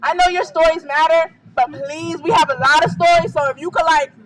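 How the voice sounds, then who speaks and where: A man organizing a rally, making hurried, pleading announcements outdoors. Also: very high voice, fairly even intonation, a loud crowd, rough recording. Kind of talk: emcee announcements. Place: outdoor protest crowd.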